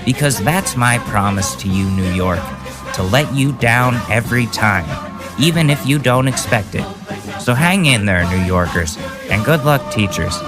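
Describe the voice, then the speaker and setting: A smug, callous big-city mayor, put on by a man, gives a loud, sneering mock address. His voice sits at a middling pitch. Faint music plays underneath. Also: animated, a little slow, natural voice.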